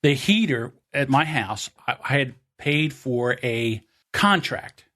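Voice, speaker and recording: Animated grumpy middle-aged man telling a story. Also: mid-range voice, takes it slowly. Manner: animated, grumpy storyteller acting out his own rants. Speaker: podcast co-host. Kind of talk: casual storytelling chat.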